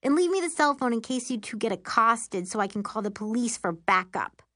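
A woman's voice: fairly high pitch, animated, fairly quick, fairly bright tone, no echo, clean studio sound. A woman doing a whiny, sulky teen sister. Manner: whiny, sulking. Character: scaredy-cat sulky teenage sister.

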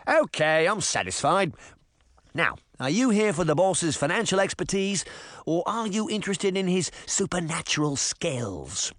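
A man voicing a flustered English boy who runs a front desk, with a high, shouting voice. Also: very animated, unhurried, no echo, clean studio sound, full character voice. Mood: brisk. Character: frantic boy assistant with English accent.

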